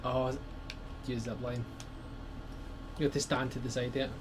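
A man with a Scottish accent giving excitable, sweary commentary while playing a video game with his brother. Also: mid-range voice, normal speed, slight background noise. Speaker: let's play co-host. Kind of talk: casual gaming commentary.

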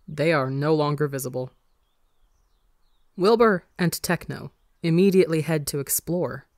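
A podcast reader narrating a story in a steady, even manner. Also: mid-range voice, no room sound, studio quality. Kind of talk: audiobook narration of fan fiction.

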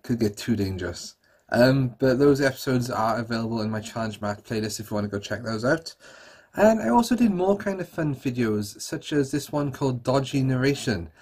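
A man hosting a casual look-back at his channel. His voice has a mid pitch and a husky, slightly breathy grain. He talks in a chatty, self-deprecating way, with plenty of fillers. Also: lively intonation, fairly quick, darkish tone. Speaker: YouTuber host. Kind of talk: casual retrospective chat to camera.

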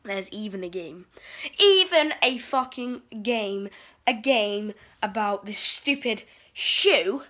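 A woman's voice: mid-range voice, expressive, slow, bright, forceful tone. A teenage girl rambling through a sweary, exasperated vlog rant. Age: teens. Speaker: vlogger. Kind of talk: casual ranting vlog.

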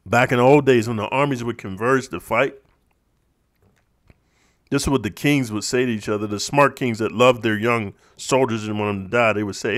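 A man's voice: medium pitch, normal speed. A man talking in a casual vlog monologue, streetwise and preachy, constantly calling the listener bro. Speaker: vlogger.

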